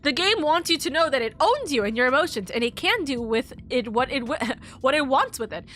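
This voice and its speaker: Young woman, streamer, high voice, gushing and rambling, faint game music behind. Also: lively intonation, a little fast, fairly bright tone. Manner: gushing, emotional, rambling with many restarts. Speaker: streamer playing a story game. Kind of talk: casual live-stream commentary.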